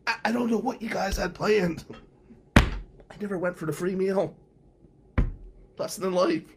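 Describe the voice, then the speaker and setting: A middle-aged man hosting a podcast, telling a story in a casual, animated way, acting out both sides of a conversation and swearing now and then. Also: sits high, measured pace, a little hiss or hum. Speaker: podcast host, defense attorney.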